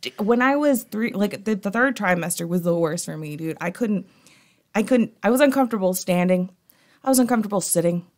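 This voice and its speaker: A young adult woman, a podcast co-host and mother, telling lively stories in casual chat and acting out her own quotes. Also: mid-range voice, a little fast. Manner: lively storyteller, acts out quotes.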